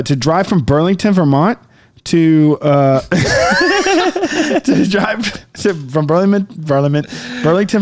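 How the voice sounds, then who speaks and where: A young man in casual, profane banter, rambling about geography and laughing often. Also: a little high. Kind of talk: casual chat.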